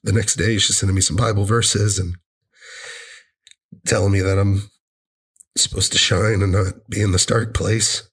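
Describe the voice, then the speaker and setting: A man sharing a personal story in an earnest, halting way, often repeating himself. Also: on the low side, level tone, fairly bright tone, slightly rough.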